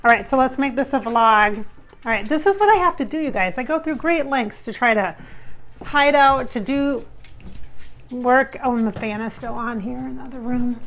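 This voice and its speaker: A woman's voice: on the high side, normal speed, fairly bright tone. A woman vlogging from a small nook in her bedroom into her phone camera, talking casually and rambling, often breaking off to call her dogs. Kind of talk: casual home vlog.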